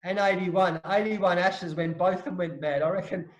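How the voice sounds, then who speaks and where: Middle-aged Australian man, high voice, lively storyteller; muffled echoey remote audio. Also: moderate pace. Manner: animated anecdotes with frequent restarts and laughs. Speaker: interview guest, former professional cricketer. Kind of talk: casual storytelling interview.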